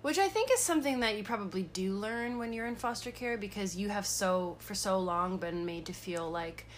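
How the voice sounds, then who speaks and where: A woman's voice: mid-range voice, animated, moderate pace, slight background noise. A woman co-hosting a podcast in casual chat, speaking in a supportive, earnest, reflective way. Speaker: podcast co-host.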